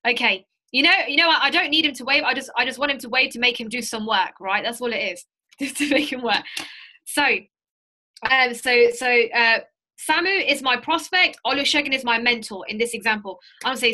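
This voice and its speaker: A high-pitched woman with a bright, forceful voice leads a sales training session. She talks with emphatic energy, repeating key lines to drive them home. She is heard over a video call. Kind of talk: live training session with role-play.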